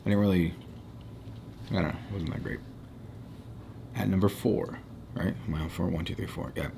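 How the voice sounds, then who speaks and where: A man with a fairly low voice talking through cookie ratings in an easygoing way. He slows down to announce each score and chats loosely in between. There is a faint background hum. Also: fairly even intonation, vocal fry, dark tone. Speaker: co-host rating food. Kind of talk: casual food review chat.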